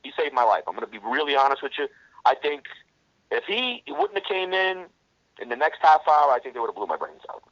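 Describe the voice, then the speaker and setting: A man's voice: medium pitch, fairly quick, no echo. Blunt cursing guy telling war stories, voice jumps all over, kinda dull dry lo-fi sound. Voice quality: profane, blunt. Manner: animated storyteller who restarts sentences often. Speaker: interview guest. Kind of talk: casual storytelling.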